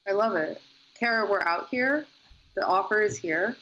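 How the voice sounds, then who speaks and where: A young woman co-hosting a gossip podcast with wry, deadpan jokes. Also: mid-range voice, moderate pace, highs cut off. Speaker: podcast co-host. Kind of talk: casual celebrity gossip chat.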